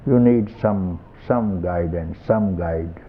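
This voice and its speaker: An older Indian man speaks slowly and deliberately in a satsang, circling back to the same phrases with soft chuckles. His voice sits low and unhurried, with a faint hiss under it. The whole thing comes through a thin, phone-like archival tape recording. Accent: Indian English. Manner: slow, repetitive, gently chuckling. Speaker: spiritual teacher. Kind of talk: satsang talk.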